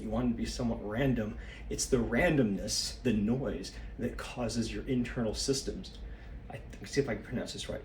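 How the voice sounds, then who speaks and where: The medium-pitched, slightly mellow voice belongs to a man in his fifties who vlogs his solo practice. Shaking his body, he thinks out loud, slightly winded, wandering off and losing his thread. The sound is roomy and distant, with a little hiss or hum.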